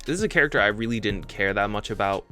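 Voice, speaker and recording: A young man hosting casual reaction commentary, joking and animated, often restarting his phrases. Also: fairly low pitch, fast. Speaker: reaction channel host. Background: faint background music.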